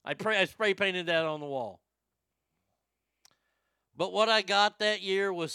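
A man telling profane, rambling personal stories to a live chat, animated and quick to joke. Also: high voice, smooth, dry recording, studio quality. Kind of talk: storytelling stream chat.

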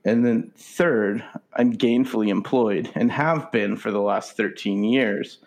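A man co-hosting a podcast, telling a rant as a deadpan, boastful storyteller with a gravelly voice. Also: on the low side, unhurried. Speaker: podcast co-host. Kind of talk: casual ranting chat.

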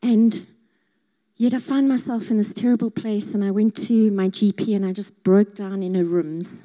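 A woman sharing a heartfelt faith testimony, earnest and at times dropping to a hushed voice. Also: mid-range voice, fairly even intonation, normal speed. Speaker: speaker sharing her testimony.

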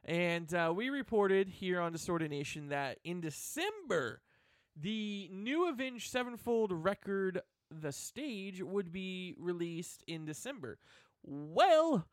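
A man hosting a rock radio show, talking fast and teasing his co-host. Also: sits high, big pitch swings, no echo, studio quality. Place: radio studio.

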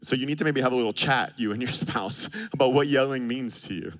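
A man in his thirties preaching a sermon, animated and joking, acting out quoted arguments. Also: medium pitch, quick pace. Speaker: pastor.

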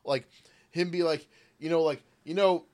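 Sarcastic high-voiced man in casual chat. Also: fairly even intonation, moderate pace, darkish tone. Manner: sarcastic, heavy filler "like", mocking impressions. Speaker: podcast co-host.

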